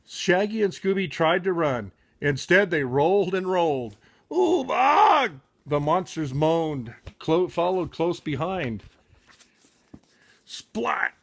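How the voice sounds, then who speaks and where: A man's voice: fairly high pitch, measured pace, hardly any pauses. A man reading a children's picture book aloud with frequent slips and self-corrections.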